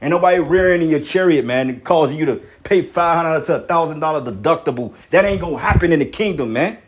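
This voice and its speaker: Angry ranting man, highish voice. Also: animated, fast. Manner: heated, repetitive, swearing, ends lines with "man". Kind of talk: angry profane rant.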